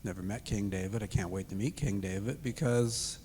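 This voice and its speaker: This interview guest, a retired man in his sixties, tells an emotional personal story and performs the dialogue. He speaks briskly in a fairly low, dark voice, and the church sanctuary recording has long hall reverb plus a little hiss or hum.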